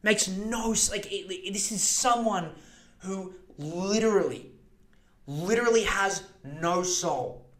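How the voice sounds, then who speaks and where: A man's voice: high voice, slow, fairly bright tone. Fired-up swearing man. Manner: passionate, swearing, speeds up when worked up. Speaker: podcast host. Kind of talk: casual political rant.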